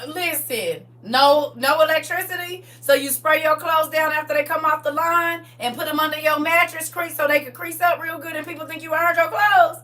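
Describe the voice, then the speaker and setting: A woman of about forty telling stories from her past in a casual, animated way, full of slang and laughter. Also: high voice, distant mic. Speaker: livestream co-host. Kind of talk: casual storytelling chat.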